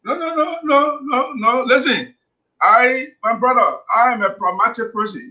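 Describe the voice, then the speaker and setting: A man's voice: very high voice, expressive, measured pace, bright, forceful tone. A man, a guest on a radio talk show, arguing in a heated, emphatic way and repeating himself. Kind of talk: call-in radio debate. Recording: dull lo-fi radio audio.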